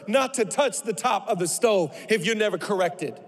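A high-voiced man in his thirties preaches an animated, joking sermon to a church crowd. His voice rings out with a long echo through the large hall. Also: moderate pace, few pauses. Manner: animated, storytelling, humorous. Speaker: pastor.

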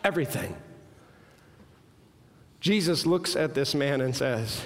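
A man in his thirties preaching a sermon, earnest and emphatic, climbing to strong peaks and dropping low. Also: expressive, slow, long pauses. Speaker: pastor. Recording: reverberant hall.

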